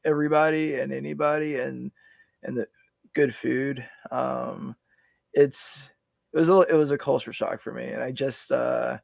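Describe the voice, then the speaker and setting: A man's voice: mid-range voice, steady tone, unhurried, creaky, a little mellow, no room sound. A man in his forties, a veteran guest on a podcast, telling his story in a rambling, casual way with many restarts and fillers.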